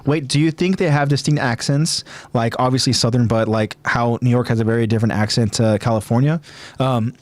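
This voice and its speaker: A man's voice: mid-range voice, a little fast, no echo. A man hosting a podcast in casual chat, rambling with many fillers and restarts. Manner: rambling, filler-heavy, hesitant. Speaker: podcast host.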